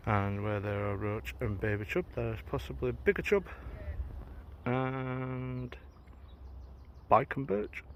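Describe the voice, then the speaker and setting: A man from South Yorkshire, England, vlogs a fishing trip outdoors by a river, his mid-range voice animated yet slow and creaky, with frequent pauses and a bit of hiss or hum. He's an angler vlogger who chats, jokes, and swears when something annoys him.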